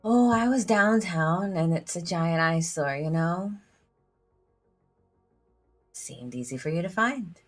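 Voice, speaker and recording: Soft music sits behind a woman streaming a story game, her voice on the low side and animated. She reads the dialogue slowly with long pauses, giggling and chatting and filling her talk with "like."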